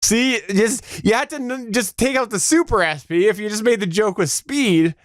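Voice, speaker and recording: A man running a trivia quiz on a casual tech podcast, playful and quick to laugh. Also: high-pitched, no room sound, studio quality. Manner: playful, laughs often, sings out sound effects.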